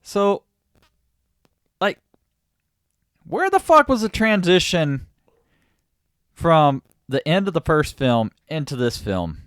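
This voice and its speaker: A man co-hosting a podcast in a relaxed, wry way. His pitch moves around a lot. The recording is dry and close, with no room sound. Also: slow, long pauses, clean tone, no echo. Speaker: podcast co-host. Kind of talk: casual chat.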